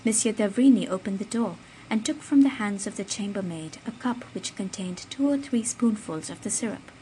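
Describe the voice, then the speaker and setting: A woman narrating an audiobook of a classic novel in measured storytelling. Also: mid-range voice, animated, warm tone, a little hiss or hum, poor audio. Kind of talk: scripted narration.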